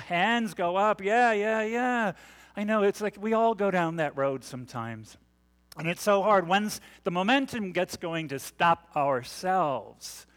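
Male pastor, talky and questioning with the congregation, fairly high voice, recorded in a reverberant sanctuary. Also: fairly bright tone. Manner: chatty, asks the congregation questions, many fillers. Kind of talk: interactive conversational sermon. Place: church sanctuary.

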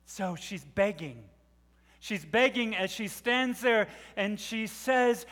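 A middle-aged man preaching a sermon, telling the story dramatically and swelling from hushed to loud. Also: high voice, a little slow. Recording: long reverb of a large hall.

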